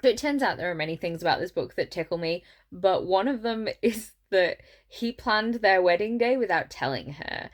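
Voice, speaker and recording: A woman's voice: medium pitch, lively intonation, normal speed, few pauses. A tired young woman in a casual book vlog, giving exasperated, sarcastic commentary. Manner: exasperated, sarcastic commentary with mocking quoted voices. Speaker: book vlogger.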